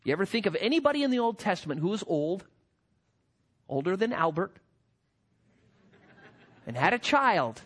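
A man's voice: high voice, very animated, normal speed, long pauses, fairly bright tone. A man preaching a sermon as pastor, emphatic and full of rhetorical questions.

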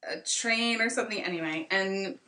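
A young American woman in her twenties chats as a podcast guest, thinking aloud with plenty of fillers. Her voice is bright and forward. She sounds a little distant from the mic, in a room with noticeable echo. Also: medium pitch, normal speed. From United States. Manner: reflective, rambling with many fillers. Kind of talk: casual conversation.

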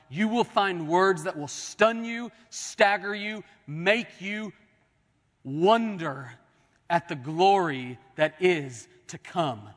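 A man preaching a sermon as pastor, swinging from soaring declarations to hushed, drawn-out words. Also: fairly high pitch, big-room sound. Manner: dramatic preaching, swelling and dropping to near-whispers.

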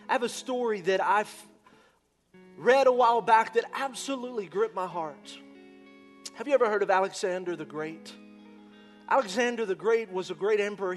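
A male pastor preaching a sermon with passion, swinging from shouts down to near-whispers. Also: high-pitched.

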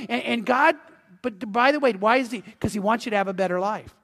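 A male pastor preaching in an animated, conversational way, often restarting his sentences. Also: high-pitched, brisk. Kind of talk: sermon. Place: church sanctuary. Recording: long hall reverb.

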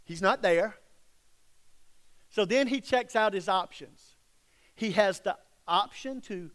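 Male pastor, high voice, dramatic sermon storyteller with hushed drops. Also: unhurried, pauses often. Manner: dramatic storytelling with sudden drops to near-whisper.

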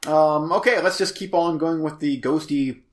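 A man's voice: a little high, normal speed, slight background noise. A man co-hosting a casual movie review chat, rambling and hesitant as he sums up plots and gives his opinions. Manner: rambling, hesitant, full of restarts. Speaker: podcast co-host.

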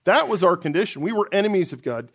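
A man's voice: sits high, expressive, fast, slightly rough. A man preaching a sermon in an earnest, emphatic way, reading out scripture passages.

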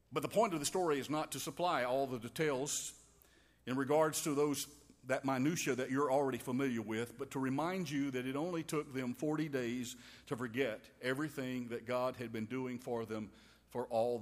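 A man preaching a sermon in a folksy, wry way, with homey quips and asides to his listeners. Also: mid-range voice. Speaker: pastor. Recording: long reverb of a large hall.

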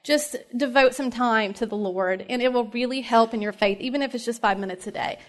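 A high, bright-pitched woman in her thirties from Tennessee, speaking with an East Tennessee Southern accent. She gives a personal faith talk to a room of mothers, chatty and heartfelt, dotting her sentences with "um" and quick laughs. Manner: chatty and heartfelt, many fillers, laughs often. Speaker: speaker at a moms' ministry meeting.

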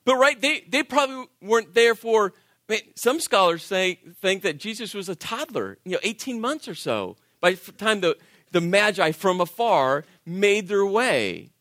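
A man preaching a sermon, telling stories with acted-out voices and sinking to quiet intensity. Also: high voice, normal speed, dry recording, studio quality. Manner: animated storytelling, acts out voices, drops to quiet intensity. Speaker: pastor.

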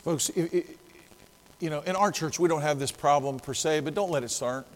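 A male pastor preaching a sermon, moving from quiet asides to shouted exhortation. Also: fairly high pitch, moderate pace, creaky, in a large hall, poor audio.

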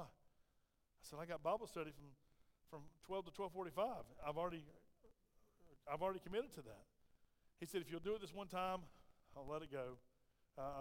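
A man's voice: a little high, smooth. A man preaching a sermon, telling a personal story and acting out the voices of people in it. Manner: animated storyteller, acts out quoted voices. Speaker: pastor. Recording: long hall reverb.

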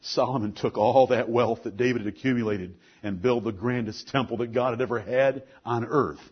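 A middle-aged man preaching a sermon, earnest, moving between soft asides and forceful lines. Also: mid-range voice, moderate pace, breathy edge, dull audio.

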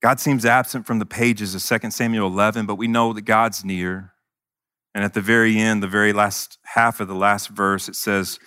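Man, pastor, conversational sermon delivery, earnest and bright, dry close mic. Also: fairly low pitch, fairly even intonation, normal speed, clean tone, dry recording. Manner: earnest, conversational, self-deprecating humor.

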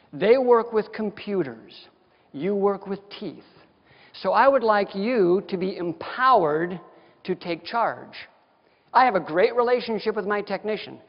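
A man giving a continuing-education lecture to dentists, folksy, direct and emphatic in manner. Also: high-pitched. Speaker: dental lecturer. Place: lecture hall. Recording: dull sound with long hall reverb.

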